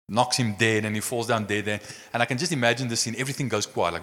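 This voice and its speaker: A man's voice: fairly low pitch, rapid-fire. Man preaching a sermon in a reverberant church hall. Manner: animated storytelling, acting out scenes; frequent "I mean" and "you know" fillers.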